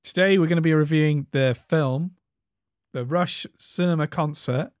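A man's voice: a little high, normal speed, no echo. Dry-sounding young man. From England. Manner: hesitant, repeats words. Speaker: podcast co-host. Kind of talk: casual review chat.

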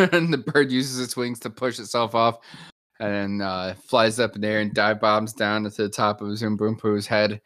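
A man's voice: on the low side, fairly even intonation, normal speed, fairly bright tone, dry recording. A man improvising a silly story in casual chat, playful and laughing often.

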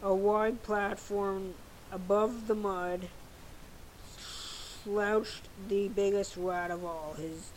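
A woman reading a children's novel aloud in a steady, unhurried way. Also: mid-range voice, a little hiss or hum, poor audio. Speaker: storyteller.

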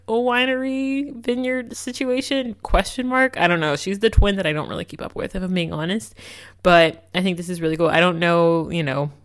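A young woman hosting a casual solo podcast, telling stories in an animated, exasperated way with lots of fillers. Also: sits low. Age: young adult. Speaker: podcast host.

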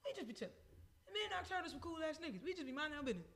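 A man's voice: extremely high pitch, sing-song, racing, creaky, a bit bright. A man co-hosting a podcast, ranting emphatically and swearing freely. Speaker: podcast co-host. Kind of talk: casual chat.

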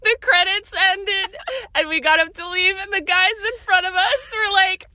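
A woman's voice: extremely high pitch, moderate pace, pushed and bright, dry recording, studio quality. A young adult woman co-hosting a podcast in a casual chat, bubbly and laughing, recorded on a phone inside a parked car. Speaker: podcast co-host.

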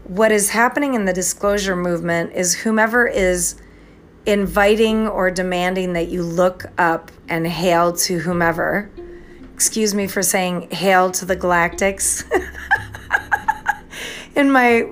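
A woman's voice: medium pitch, steady tone, unhurried, fairly bright tone. A woman podcasting alone at home at night, ranting in an agitated, rambling way, often breaking off and laughing at herself. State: angry. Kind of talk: spontaneous ranting monologue.

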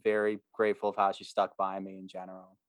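A man's voice: deep voice, monotone, fast talker, dry recording. Laid-back man co-hosting a podcast. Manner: laid-back, laughs easily. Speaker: podcast co-host. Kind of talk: casual chat.

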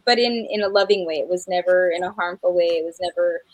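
In this rough recording with no room sound, a guest singer, a middle-aged New Mexico woman, talks fast in a lowish voice. She's warm and laughs a lot during the casual interview chat, her speech full of fillers and restarts.

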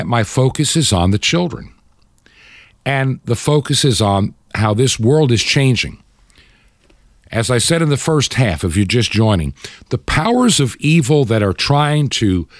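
A man's voice: mid-range voice, no room sound, clean studio sound. Impassioned older man preaching on radio. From United States. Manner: impassioned, preachy, mocks opponents in quoted voices. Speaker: radio talk show host. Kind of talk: Christian talk radio commentary.

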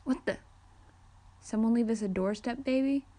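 A woman's voice: a little high, moderate pace, dark tone, natural voice. Brief: woman doing a cheeky young guy, casual and teasing, storybook reading.

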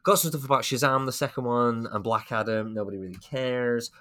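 A man's voice: medium pitch, steady tone, fairly quick, pushed and bright. A man co-hosting a casual podcast, chatting about film news with wry asides and frequent laughter. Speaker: podcast co-host.

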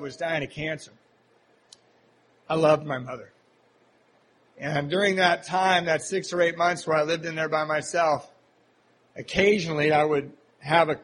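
A man's voice: a little high, fairly bright tone, a little hiss or hum, poor audio. Candid man sharing his recovery story. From Seattle, Washington, USA. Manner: candid, self-deprecating, halting with fillers and restarts. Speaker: speaker at a recovery meeting. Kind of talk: personal recovery story told to a live audience.

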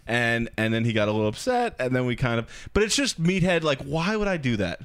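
A man's voice: mid-range voice, very animated, a little fast, a bit bright, clean tone, no echo, studio quality. Rambling male comedian co-host. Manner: self-mocking storyteller, rambling. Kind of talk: casual podcast banter.

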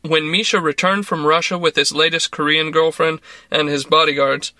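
A man reading a story aloud as narrator in a measured, even way. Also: fairly high pitch, no room sound.

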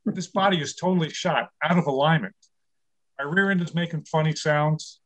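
A man's voice: fairly high pitch, normal speed. A man in his sixties from New York City doing a stand-up comedy set over a video call from his home studio, firing off one-liners and laughing at his own jokes. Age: 60s. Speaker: stand-up comic.

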